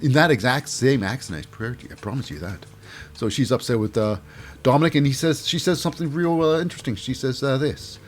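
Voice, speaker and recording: A man's voice: mid-range voice, a little fast. A man giving a casual, jokey recap of a wrestling show. He rambles and fills his talk with "uh" and "you know".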